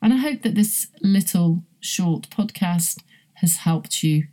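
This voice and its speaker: Woman, lowish mellow voice, unhurried podcast pronunciation teacher. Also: animated. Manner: slow, careful explanations with spoken examples. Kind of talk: podcast lesson.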